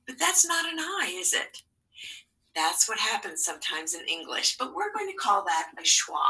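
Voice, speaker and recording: Woman teacher, phonics lesson, bright tense voice, lively sing-song pitch, a bit distant from the mic. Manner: slow, sing-song teacher talk to young children, stretching syllables. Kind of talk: recorded remote phonics lesson.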